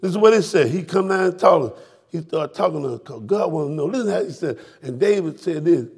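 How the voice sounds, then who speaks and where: Preacher man, high gravelly voice, yelling at the congregation in church. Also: expressive, fairly quick. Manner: fiery, shouting, calls out to congregation. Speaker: pastor. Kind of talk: sermon. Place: church sanctuary.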